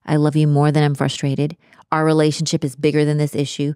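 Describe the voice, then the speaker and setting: A woman speaking as a relationship coach in a casual podcast conversation, animated and acting out the voices she quotes. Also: deep voice, brisk, clear, resonant tone, dry recording, clean studio sound.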